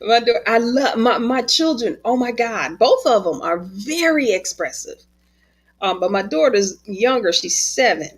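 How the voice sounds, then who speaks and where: A woman, an author and spiritual teacher, talking in a casual conversation as an animated, expressive storyteller who laughs often, heard over a video call. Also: on the high side, measured pace, husky.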